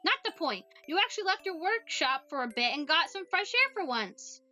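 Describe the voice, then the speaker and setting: A woman's voice: extremely high pitch, big pitch swings, normal speed, pushed and bright, soft background music, exaggerated voice. A woman voicing a blunt, impatient young girl who teases her friend in a snappy, sarcastic way in a voiced visual novel. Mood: insistent.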